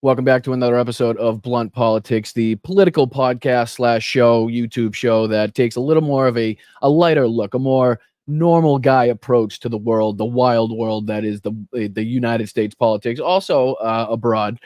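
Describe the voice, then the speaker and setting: Hosting a political livestream show, this middle-aged Boston-accented man keeps it casual, cursing freely and greeting viewers by reading their chat names aloud. He speaks at medium pitch and a moderate pace, barely pausing, with a darkish tone on a dry recording. He's at home, with an air conditioner running in the room.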